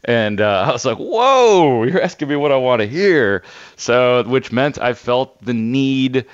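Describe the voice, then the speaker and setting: A man who works as a sports radio reporter, telling a story on air in a casual, animated way and laughing at himself. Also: mid-range voice, moderate pace, smooth, dry recording, muffled recording. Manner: animated, self-deprecating anecdote teller with laughs.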